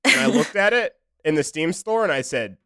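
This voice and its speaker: A man's voice: high-pitched, big pitch swings, fairly quick, bright, forceful tone, clear, resonant tone, dry recording, studio quality. A man co-hosting a casual podcast chat, joking goofily and poking fun at himself. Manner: goofy, self-mocking jokes. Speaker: podcast co-host.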